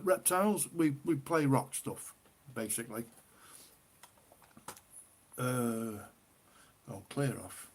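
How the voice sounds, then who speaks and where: A northern English man hosts a relaxed livestream in an unhurried, drawn-out way. His voice is slightly husky. He chats with his viewers, reads their comments aloud and laughs often. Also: medium pitch. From northern England. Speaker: livestream host. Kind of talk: casual livestream chat.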